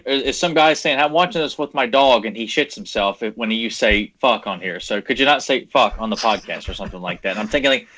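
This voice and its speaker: A man's voice: medium pitch, a little fast, hardly any pauses, bright, forceful tone. A man co-hosting a casual podcast, teasing the others with jokes. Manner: joking, teasing. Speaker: podcast co-host.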